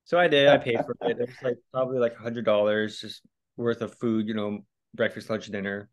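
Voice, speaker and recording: Speaking a little fast at a fairly low pitch, this young Hawaiian man is a podcast guest doing casual storytelling. His delivery is animated and full of laughter and frequent swearing, and he acts out the quotes of others.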